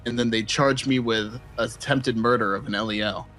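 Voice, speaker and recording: A man streaming a role-play game, talking in a dry, deadpan way. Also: medium pitch, normal speed. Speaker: streamer playing a character. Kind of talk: casual role-play chat.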